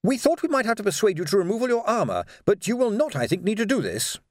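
A man's voice: high-pitched, big pitch swings, quick pace, no room sound, clean studio sound, pitched above the performer's own voice. A man voicing a fussy, nervous male technician monk who stammers and lectures.

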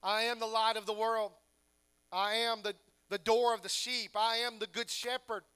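Male pastor, high bright voice, preaching with emphatic rhetorical questions. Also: little pitch movement, normal speed, smooth. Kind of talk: sermon.

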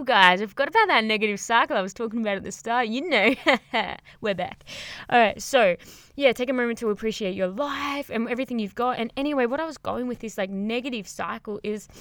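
A woman's voice: on the high side, fairly bright tone, no echo. A young woman hosting a casual motivational podcast, rambling and upbeat, swearing freely and laughing often, recorded very close to the microphone while crouched under blankets. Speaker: podcast host, yoga teacher.

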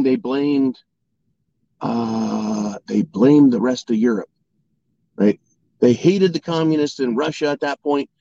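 A man's voice: mid-range voice, warm tone, dry recording. A man delivering a political opinion monologue, firing rhetorical questions and often asking "right?" to his audience. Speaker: political commentator. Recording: dry, dull lo-fi sound.

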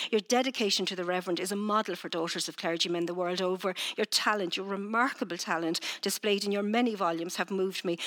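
Brief: a woman voicing an earnest Victorian clergyman, halting and rehearsed. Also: mid-range voice, fairly bright tone, natural voice. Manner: halting, rehearsed-sounding declaration. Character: nervous, earnest Victorian male curate.

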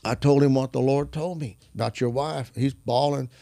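Gravelly man telling a faith story. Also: mid-range voice, no echo. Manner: animated, acts out quoted dialogue; halting restarts while searching for words. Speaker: guest minister. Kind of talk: conversational testimony storytelling.

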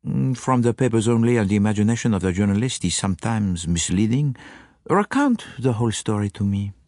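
A man voicing a fussy, vain, dapper little male detective with precise, fastidious phrasing in an audiobook. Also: lowish voice, lively intonation, dark tone, no room sound, studio quality, pitched above the performer's own voice. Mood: exacting. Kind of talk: audiobook character voice.

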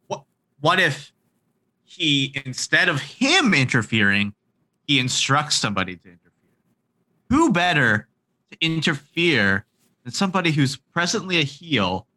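A man in casual chat, excitedly thinking aloud and restarting his sentences as he pitches storyline ideas. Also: poor audio. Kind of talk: casual wrestling fantasy-booking chat.

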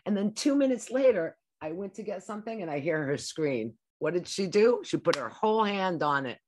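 A woman's voice: on the low side, lively intonation, fairly quick, darkish tone, a little hiss or hum. A woman co-hosting a podcast who tells anecdotes in casual chat and quotes what she said to her child. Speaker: podcast co-host.

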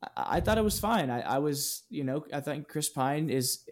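A man's voice: on the high side, expressive, moderate pace. Rambling man in casual podcast chat. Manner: rambling, with restarts and filler words. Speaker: podcast co-host.

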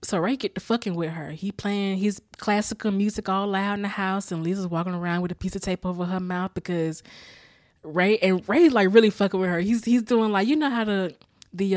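A woman hosting a podcast recaps a sitcom episode in a casual, animated way, swearing a lot and laughing often, a bit worn out and tired after a rough weekend. Her voice is mid-range at a moderate pace, with clean studio sound and no room echo.

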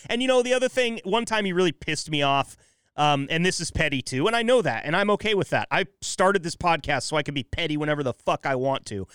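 A man's voice: on the high side, lively intonation, quick pace, fairly bright tone, smooth, no echo. A man hosting a podcast in casual chat, blunt and irritated, swearing freely into a close mic. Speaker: podcast host.

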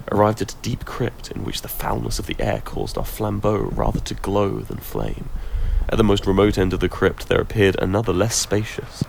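A man giving a measured, expressive reading of a classic horror story, with occasional stumbles. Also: low voice, gravelly, a little hiss or hum, rough recording. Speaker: reader.

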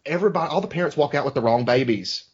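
A man's voice: on the high side, expressive, very fast, slightly rough. A man hosting a podcast, making up a silly story on the spot in a rambling, hesitant way. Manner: improvises a made-up plot, rambling and hesitant. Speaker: podcast host. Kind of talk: casual podcast banter. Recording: dull lo-fi podcast audio.

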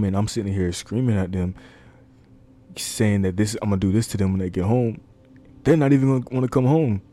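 A man's voice: on the low side, fairly quick, mellow. A man preaching an informal sermon into a microphone, earnest and conversational, repeating key lines and using fillers. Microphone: desk microphone.

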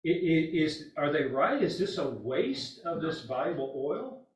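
A man's voice: on the high side, very animated. Man leading a Bible study from far off. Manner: conversational, halting, teasing. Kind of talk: group Bible study discussion. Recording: far, roomy, dull recording.

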